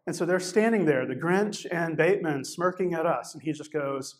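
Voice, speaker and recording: A man's voice: fairly high pitch, moderate pace. A man giving a sermon as a guest preacher, telling a personal story in a conversational way with many fillers and restarts. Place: church service, also streamed online.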